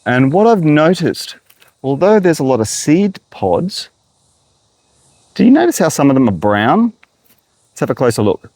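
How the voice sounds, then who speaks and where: A slightly high male voice, darkish in tone, swings widely in pitch and keeps a measured pace broken by long pauses. He's an Australian horticulturist giving a walking garden tour vlog outdoors, a little out of breath and speaking straight to viewers. The audio is poor, with no echo.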